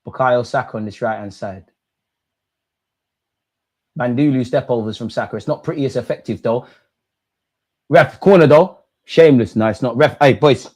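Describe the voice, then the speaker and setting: Excitable young man yelling at a match. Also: mid-range voice, normal speed, long pauses. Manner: excitable, shouts at players and the referee, slangy. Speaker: football watch-along host. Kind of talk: live match reaction commentary.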